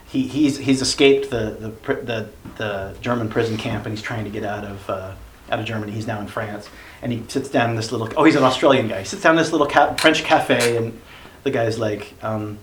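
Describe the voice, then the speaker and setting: A man's voice: lowish voice, fairly even intonation, fast talker, a bit bright. A man leading a church small group in a casual teaching discussion, rambling with many fillers and self-corrections. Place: basement meeting room. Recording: roomy echo, faint background noise.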